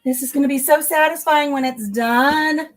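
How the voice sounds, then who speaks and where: While cleaning out the fridge in her home kitchen, a livestream host chats casually with her viewers, sounding slightly out of breath. Her voice sits high and moves at a moderate pace, with faint music playing behind her.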